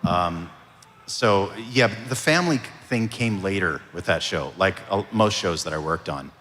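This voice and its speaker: A man's voice: low voice, measured pace. Man telling stories in a reverberant hall. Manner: relaxed storytelling with fillers. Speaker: voice actor answering audience questions. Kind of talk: convention panel Q&A. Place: convention hall.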